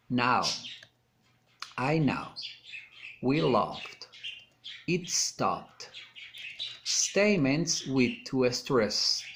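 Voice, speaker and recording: A man reading intonation drills aloud, with slow, deliberate, exaggerated rising and falling pitch. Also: a bit bright. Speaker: student. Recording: phone recording with faint background noise.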